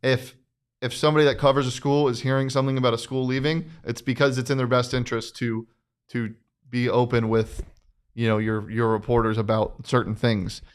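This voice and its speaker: A man co-hosting a casual sports talk show, talking in quick bursts with many restarts. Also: medium pitch, clean tone. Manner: animated, restarts, laughs often. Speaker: co-host.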